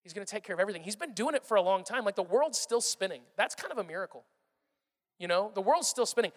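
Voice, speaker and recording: Pastor, male, high voice, lively sermon that swings from loud to hushed, big echoing hall. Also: fairly quick. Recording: long reverb of a large hall.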